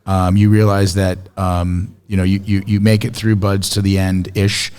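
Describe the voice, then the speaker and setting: A man hosting a podcast, talking excitedly and swearing freely in casual chat. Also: low voice, moderate pace, clean tone. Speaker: podcast host.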